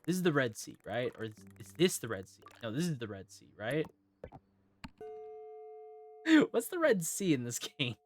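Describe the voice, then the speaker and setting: A man's voice: medium pitch, huge pitch swings, moderate pace, pauses often. A tired man streaming a video game live, thinking aloud and rambling with restarts. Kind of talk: live gameplay commentary.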